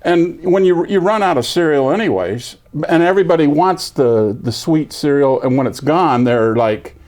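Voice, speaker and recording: A man's voice: a little high, normal speed. An older veteran in an oral history interview, telling his story with energy and acting out other people's lines. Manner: lively storyteller, acts out quoted voices.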